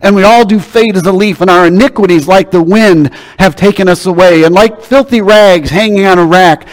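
A man preaches in a folksy, storytelling way, his high voice dropping low and quiet for asides, then climbing loud for outbursts. His voice rings out with a long reverb through a large church sanctuary. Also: moderate pace, few pauses. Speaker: pastor. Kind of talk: sermon.

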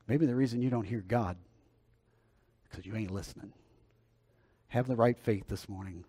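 A pastor preaching a sermon and praying, earnest, shifting between swelling phrases and quiet ones. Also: male voice, lowish voice, fairly even intonation, moderate pace, pauses often, slightly rough. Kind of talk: sermon and prayer.

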